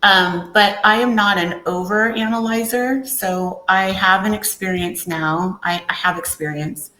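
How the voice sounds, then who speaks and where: A woman's voice: medium pitch, fairly even intonation, unhurried, pushed and bright. A woman guest on a podcast, talking candidly and telling her story with acted-out quotes. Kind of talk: casual interview talk. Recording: echoey room.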